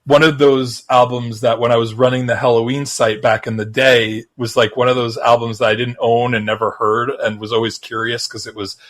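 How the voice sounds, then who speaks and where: Male podcast co-host, mid-pitched voice, rambling and halting, keen. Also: flat delivery, fairly bright tone. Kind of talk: casual chat.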